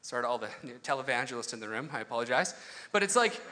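A man's voice: medium pitch, expressive, very fast, pushed and bright. A young man preaching a casual, conversational sermon, full of asides and personal stories. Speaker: pastor.

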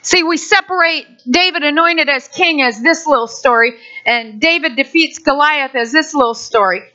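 A woman preaching a sermon, animated, acting out a story for her listeners, on a dull lo-fi recording. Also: high-pitched, moderate pace.

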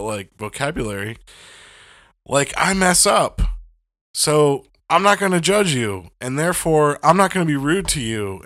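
A man's voice: mid-range voice, a bit bright, dry recording, clean studio sound. A man in a casual faith chat, talking bluntly and heatedly with lots of swearing and fillers. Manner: blunt, profane and heated, rambling with many fillers.

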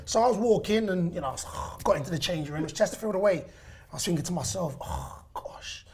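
A man, a former footballer hosting a casual interview chat and telling stories with animated energy. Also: high-pitched, fast. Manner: animated storyteller, voice rising when excited. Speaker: podcast host, former footballer.

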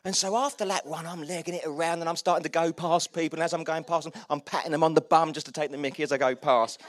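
A man's voice: a little high, fairly even intonation, fast talker. A middle-aged man preaching a sermon in a loose, self-mocking, chatty way. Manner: chatty and self-mocking, with frequent laughs and restarts. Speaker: pastor. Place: church hall.

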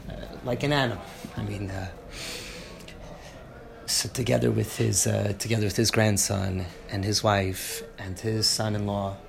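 A man teaching a Torah class, halting with many restarts and fillers, moving between low reflective talk and loud fervent teaching. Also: creaky, background noise.

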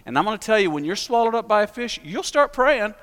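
A pastor preaches to his congregation with a fairly high voice. He tells stories in a conversational way and then builds to emphatic, rising peaks. His voice carries a long reverb from the church sanctuary. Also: very animated, fast talker, a bit bright, clear, resonant tone. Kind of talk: sermon.

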